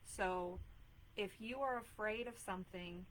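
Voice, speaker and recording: This mom life coach, a woman in her thirties, talks at a measured pace with a medium-pitched, slightly bright voice, and the audio is poor. On her live stream she offers chatty, earnest advice full of fillers.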